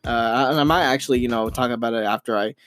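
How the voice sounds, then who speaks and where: A man's voice: mid-range voice, fast, fairly bright tone. Rambling man with exasperated podcast rant. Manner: rambling, many fillers and restarts, exasperated. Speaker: podcast host. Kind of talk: casual rambling monologue. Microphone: home microphone.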